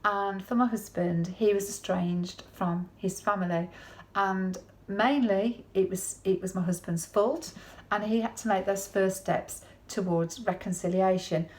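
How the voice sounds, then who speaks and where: Woman, conversational sermon, folksy, tag questions, mid pitch. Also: fairly even intonation, unhurried. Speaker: preacher.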